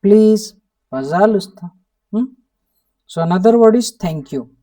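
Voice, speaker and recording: Far from the microphone, an animated yet mellow teacher from India speaks at a measured pace and medium pitch, with an Indian English accent. It's an online language lesson full of words repeated again and again, punctuated by a questioning "hmm?".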